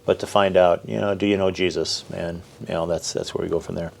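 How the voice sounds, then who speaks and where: A man's voice: deep voice, little pitch movement, brisk, creaky. A man, a pastor co-hosting a church podcast, chatting in a rambling, joking way with many "you know" fillers. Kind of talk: casual conversational podcast chat.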